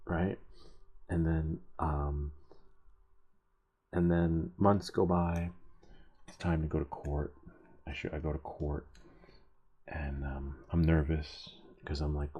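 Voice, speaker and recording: Gravelly low-voiced man chatting while soldering. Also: steady tone, a little slow, pauses often, dark tone. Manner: rambling, chuckling storyteller. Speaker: host of a soldering livestream. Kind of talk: casual chat while soldering.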